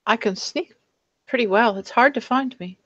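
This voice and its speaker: A woman's voice: fairly high pitch, normal speed, fairly bright tone, no room sound. Woman playing a sneaky young traveler, earnest, insistent, dry dull audio.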